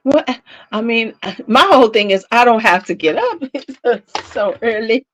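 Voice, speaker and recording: Animated and unhurried, this woman's voice runs on the high side with a slightly bright tone, though the recording quality is low. In her fifties, the beauty channel host chats casually on a home livestream, storytelling, laughing often and responding to her audience.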